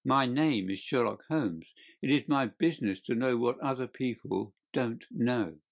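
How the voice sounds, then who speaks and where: A cool, clever detective who speaks blandly and evenly, with quiet assurance, voiced by a man reading an audiobook. His voice stays close to the reader's own mid-range tone. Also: medium pitch, gravelly. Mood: composed. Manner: bland, measured. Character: calm, clever male detective.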